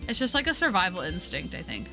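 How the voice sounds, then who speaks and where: A woman in her twenties chatting casually while streaming a game, talking in a giggly, upbeat voice she keeps high out of long habit from customer service. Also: huge pitch swings, fast talker, music in the background. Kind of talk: casual chat while gaming.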